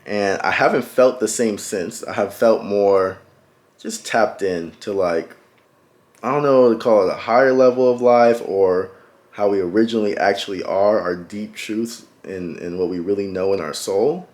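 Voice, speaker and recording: A young man with a lowish voice recounts a personal experience to his viewers. He is reflective and often stops mid-thought to reach for the right words, with plenty of fillers along the way. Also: moderate pace, a little mellow. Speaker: vlogger. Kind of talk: personal storytelling.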